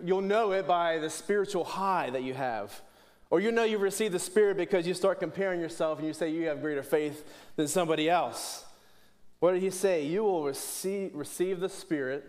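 A man's voice: a little high, a little mellow. A middle-aged man from Pittsburgh preaching a sermon earnestly, often restarting phrases and posing questions to the congregation. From Pittsburgh, USA. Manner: earnest, repeats words and restarts phrases, asks rhetorical questions. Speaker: pastor.

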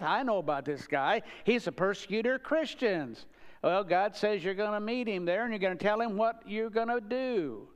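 A man's voice: fairly high pitch, clear, resonant tone. A man preaching a sermon, earnest, rising with emphasis on the key questions.

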